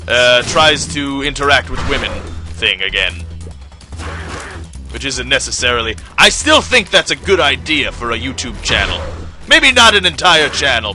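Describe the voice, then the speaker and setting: A man's voice: mid-range voice, bright, forceful tone. A young man giving casual, wry, self-deprecating commentary over his gameplay. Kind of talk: casual let's play commentary.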